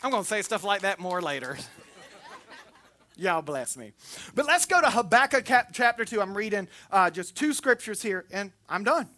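A man from Florida with a Southern accent, preaching a sermon in a folksy, humorous way, swinging between loud and soft. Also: sits high, very animated, moderate pace. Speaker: pastor.

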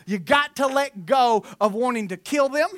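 With a mid-range voice at a moderate pace, a preacher tells funny stories in a lively sermon, now and then putting on mock voices. The recording is studio quality with no room sound.

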